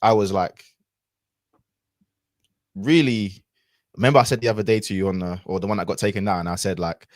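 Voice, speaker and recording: Guy in his 30s, low voice, rambling reflective storytelling, dead dry sound. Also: fairly even intonation, moderate pace, long pauses, dry recording. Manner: reflective, rambling with many fillers and restarts. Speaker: podcast guest. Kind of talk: casual storytelling chat.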